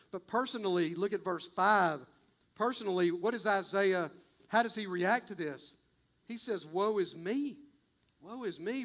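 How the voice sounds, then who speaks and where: Male pastor, high-pitched and impassioned, emphatic sermon delivery. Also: a bit bright. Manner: impassioned, emphatic, swings between fast bursts and slow stresses. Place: church, streamed online.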